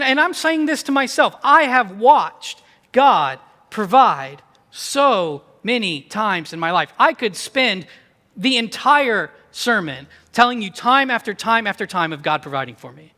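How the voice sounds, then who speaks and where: A man preaches in a lively, conversational style, tossing in quick asides. His voice is high and bright. It carries a long reverb from the church hall around him. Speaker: pastor. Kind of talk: sermon. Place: church sanctuary.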